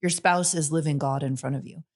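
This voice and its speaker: Woman podcast host, lowish voice, enthusiastic and chatty. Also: fairly even intonation, fairly quick. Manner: enthusiastic, laughs often, lots of "like". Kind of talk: casual podcast conversation.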